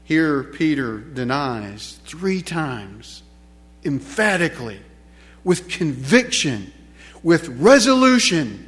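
High-voiced guy preaching in church, leans hard on repeated lines and asks the room questions. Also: very animated, takes it slowly, a bit bright. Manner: emphatic, repeats key phrases, asks rhetorical questions. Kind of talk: sermon.

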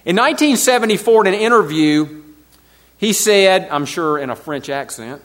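A man with a high voice preaches a sermon to his congregation. He repeats key phrases for emphasis, lets some lines drop soft and low, and puts questions to his listeners. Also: animated, normal speed. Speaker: pastor.

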